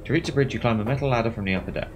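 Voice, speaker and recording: A man streamer reading a text game aloud with wry, expressive delivery. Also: medium pitch, racing, background noise.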